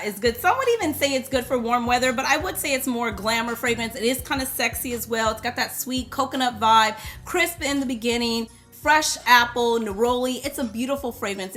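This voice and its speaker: A woman chatting casually to camera as a perfume reviewer, playful and loud. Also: a little high.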